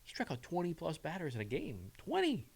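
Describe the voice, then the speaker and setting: A man co-hosting a casual sports chat, talking in a chatty way and agreeing quickly. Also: a little high, huge pitch swings, gravelly, husky. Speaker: co-host.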